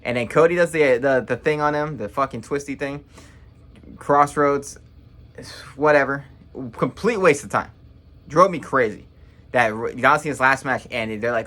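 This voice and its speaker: Casting note: young man, bright forceful tone, blunt rambling reaction vlogger. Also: medium pitch. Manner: blunt, rambling, quick to judge. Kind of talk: casual opinionated recap.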